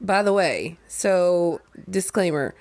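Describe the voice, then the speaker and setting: Lively, giggly woman podcaster. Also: lowish voice, slow pace. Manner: giggly, loose and chatty. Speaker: podcast co-host. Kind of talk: casual podcast chat.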